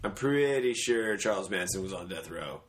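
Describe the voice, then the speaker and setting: A man's voice: sits low, lively intonation, moderate pace. A man hosting a podcast in loose, joking casual chat. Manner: loose, joking, swearing banter. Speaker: podcast host.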